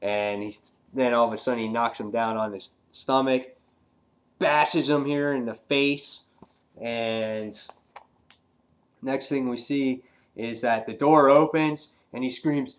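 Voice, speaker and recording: A man casually reviewing a comic book, rambling and filling pauses with "um" and "you know". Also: mid-range voice.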